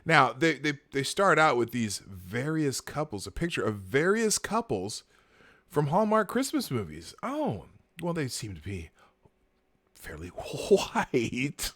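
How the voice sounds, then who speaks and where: A male live-show host talks at an unhurried clip, his pitch bouncing from low grumbles up to high exclaims. He rambles through sarcastic asides, filling gaps with ums and breaking into laughter often. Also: very animated, fairly bright tone. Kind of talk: casual live-stream commentary.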